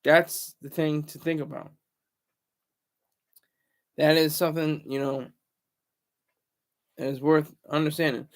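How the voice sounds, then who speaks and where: A man in his thirties hosts a casual livestream with a fairly high voice. He rambles from thought to thought, stopping to read out and answer viewer comments. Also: fairly even intonation, slow pace, pauses often. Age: 30s. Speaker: livestream host.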